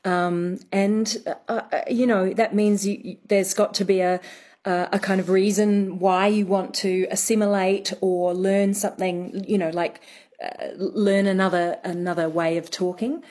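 A woman's voice: mid-range voice, level tone, unhurried, darkish tone. A woman speaking as an expert guest on a radio show, thinking aloud with many fillers. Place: radio studio.

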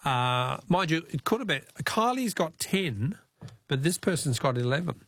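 A man's voice: fairly high pitch, big pitch swings, normal speed, a bit bright, no echo. An Australian man hosting a talkback radio quiz, chatty and jokey with callers.

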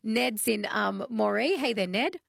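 A woman's voice: on the high side, animated, a little slow, gravelly, fairly bright tone, no echo, clean studio sound. A woman hosting talkback radio, encouraging the caller with short reactions. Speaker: radio host.

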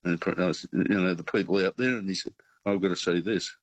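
A man calls in to a radio show and rambles through an anecdote. His voice sits very low and husky, and the sound is dry and close. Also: fairly quick, no room sound, rough recording. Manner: rambling storyteller. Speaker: radio caller. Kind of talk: phone-in anecdote.

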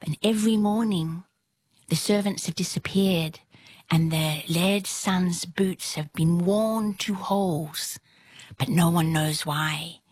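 Storyteller putting on a grave castle housekeeper. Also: female voice, fairly low pitch, slow pace, darkish tone, slightly rough, no room sound. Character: worried woman housekeeper of a castle.

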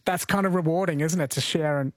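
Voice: medium pitch, fast talker, no echo. A radio host chatting with a caller, conversational and thinking aloud as they go. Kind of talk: radio talk show interview.

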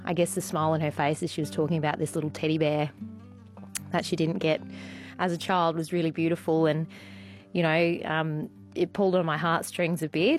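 A woman tells a story on air in a loose, chatty way, filling her pauses with ums and restarts. Her voice sits fairly low, and faint music plays beneath it. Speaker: radio guest sharing a story. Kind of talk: casual storytelling.

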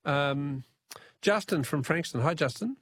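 A man's voice: a little high, animated, unhurried, fairly bright tone, breathy edge, no echo, studio quality. An Australian man hosts a radio quiz in a chatty, joking way. His voice rises and falls widely, and he laughs easily between questions. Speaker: radio host.

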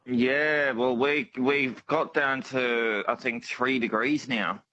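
A man's voice: medium pitch, steady tone, takes it slowly, bright, forceful tone. A man with an Australian accent calling in to a radio quiz, friendly and easygoing, on a dull phone line. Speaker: caller.

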